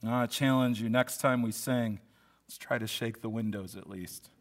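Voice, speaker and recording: At a moderate pace and with fairly even intonation, a pastor with a mid-range voice preaches. He sounds earnest and talks conversationally, repeatedly starting phrases over.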